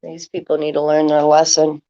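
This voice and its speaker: A woman's voice: sits low, monotone, moderate pace, dark tone, dull audio, a little hiss or hum. A woman streaming to her viewers, talking loosely and rambling, with lots of filler words as she answers chat. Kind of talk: casual rambling talk to viewers.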